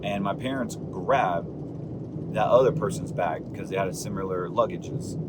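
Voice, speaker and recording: A man delivers a fiery, preachy monologue as a show host, pushing his points with rising emphasis. He talks from inside a car, and the vehicle's noise is clearly heard under his voice. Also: sits low, moderate pace. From Puerto Rican heritage. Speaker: podcast host, financial advisor. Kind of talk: candid monologue.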